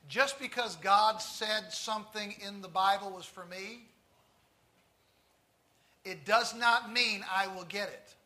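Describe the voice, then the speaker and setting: Man, Tennessee accent, sermon, slow deliberate delivery, bright high voice, folksy. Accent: Southern US, Tennessee. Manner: emphatic, drawn-out stresses on key words; folksy asides to the congregation. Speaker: preacher.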